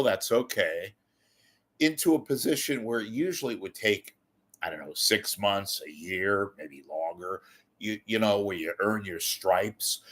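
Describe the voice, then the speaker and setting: A man's voice: lowish voice, fairly bright tone. A man delivering a ranting commentary, exasperated, sarcastic and blunt, with occasional profanity. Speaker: media commentator.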